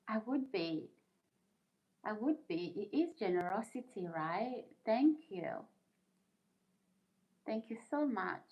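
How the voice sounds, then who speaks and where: A woman's voice: fairly high pitch, expressive, takes it slowly, long pauses, darkish tone, slightly rough. A middle-aged woman hosting a live stream, chatting casually, laughing often and answering viewer comments as she reads them out. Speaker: livestream host reading viewer comments.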